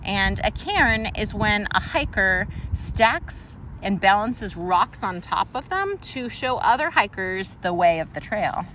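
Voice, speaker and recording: A woman's voice: medium pitch, sing-song, takes it slowly, hardly any pauses, sharp tone, slight background noise. A woman teacher reading a picture book aloud to a young child, patiently explaining names of plants and birds and asking questions along the way. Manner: patient, answers a child's interruptions.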